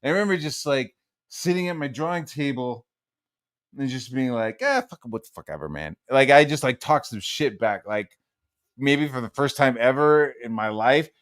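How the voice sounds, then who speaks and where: A man's voice: mid-range voice, moderate pace, no room sound, studio quality. A man co-hosting a livestream, telling a story in casual comedic chat, swearing freely and acting out the people in it. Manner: animated storyteller, heavy swearing, acts out quotes. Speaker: livestream co-host.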